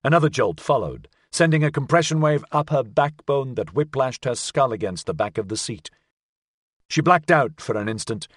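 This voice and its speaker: A man reading a science fiction audiobook as narrator, with a measured, expressive delivery. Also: medium pitch, breathy edge, no echo, clean studio sound. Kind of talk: scripted narration.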